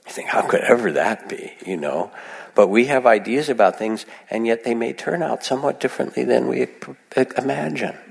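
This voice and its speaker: A man giving a gentle, reflective meditation talk to a live audience, chatting with many asides. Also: mid-range voice, normal speed, gravelly, husky. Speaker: meditation teacher. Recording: long hall reverb.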